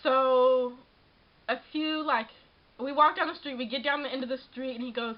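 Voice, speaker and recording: High-voiced young woman telling a story. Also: moderate pace, highs cut off. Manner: animated, exasperated, frequent laughs and "like". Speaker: vlogger. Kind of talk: casual storytelling vlog.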